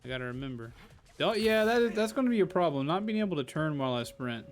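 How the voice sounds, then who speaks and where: A man's voice: on the high side, very animated, fast. A man giving casual live-stream commentary while playing a game, playful and rambling, full of jokes. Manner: playful, joking, rambling asides.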